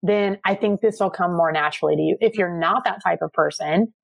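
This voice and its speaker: A woman's voice: on the low side, brisk, vocal fry, no echo. A woman guest, a money and marketing coach, talking in a casual, encouraging way with plenty of "like" fillers. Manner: earnest, encouraging, lots of "like" fillers. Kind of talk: casual motivational interview talk.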